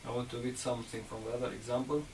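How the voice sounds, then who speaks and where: Male teacher, slow and patient, heard from a distance over faint background hum. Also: mid-range voice, little pitch movement, a little mellow. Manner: slow and patient, checking understanding with "okay?" and "right?". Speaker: Arabic teacher. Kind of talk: classroom lesson on Arabic letters. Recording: distant mic, faint room noise.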